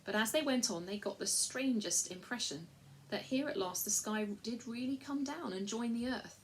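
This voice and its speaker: A woman's voice: on the high side, moderate pace, a little hiss or hum. Woman reading a storybook aloud. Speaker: reader.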